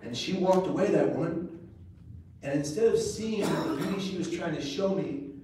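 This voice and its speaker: A man giving a live motivational speech to a crowd, telling a personal story with earnest pauses and quick jokes, his voice rising high and loud at dramatic moments. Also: background noise. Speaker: public speaker. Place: large event room. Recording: echoey live room recorded from far off.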